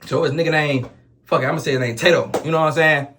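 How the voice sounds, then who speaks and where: A man with a Chicago accent tells a story in loose, casual street talk. He speaks very quickly in a slightly high voice. He keeps swearing oaths between his sentences. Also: slight background noise. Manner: rapid, animated street slang with repeated oaths. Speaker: storyteller vlogger.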